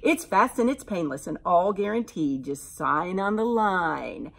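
Woman reader doing a gloating, growly storybook monster, low husky tone. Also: animated, measured pace, fairly bright tone, full character voice. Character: sly mocking male homework monster, horned and caped.

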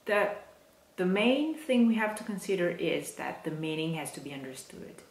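An Italian woman teaching Italian diction to singers, slowly and carefully repeating sounds for the listener to copy. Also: lowish voice, sing-song, roomy sound. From Italy.

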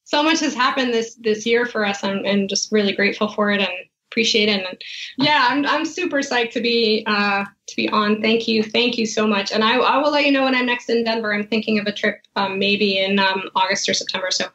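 Animated woman telling a story, muffled audio. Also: mid-range voice, fairly quick. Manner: animated storyteller, laughs often, acts out quoted lines. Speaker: guest, wine tasting business founder. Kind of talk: casual storytelling interview.

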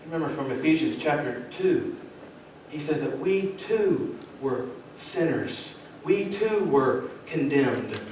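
A man's voice: a little high, distant mic, a little hiss or hum. Male preacher, earnest to fervent, recorded from afar in a very echoey church hall. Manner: earnest, rising to fervent emphasis, rhetorical asides. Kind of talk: sermon. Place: church sanctuary.

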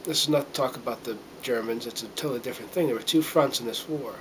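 A man's voice: mid-range voice, fast, background noise. A middle-aged man from the United States talking to a handheld camera in a casual, earnest monologue, rambling with many fillers and restarts and getting a little choked up. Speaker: vlogger.

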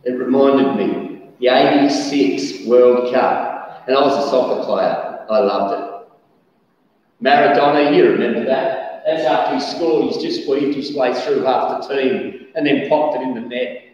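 A man's voice: mid-range voice, unhurried. Man preaching in an echoey hall. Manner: animated storytelling, bursts of shouting. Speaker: pastor. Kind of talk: sermon. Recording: echoey hall, distant dull mic.

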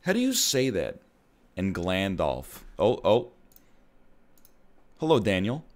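A man in his thirties, co-hosting a casual stream chat over a voice call, excitable and quick to laugh. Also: low-pitched. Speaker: streamer co-host.

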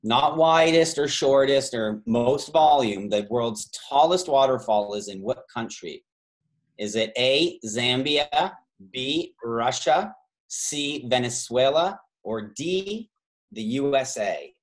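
A man hosts a trivia quiz over a video call, heard through a call microphone. His voice sits at a middling pitch, and he drags out the key words of each question. Between options he slips in casual asides and corrects himself mid-sentence. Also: expressive. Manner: reads multiple-choice options slowly, stretching key words; chatty asides and self-corrections.

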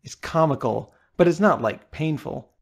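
A man's voice: a little high, animated, normal speed, breathy edge. An American man co-hosting a podcast, talking casually and thoughtfully, building his points step by step. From United States. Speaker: podcast co-host. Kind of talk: casual chat.

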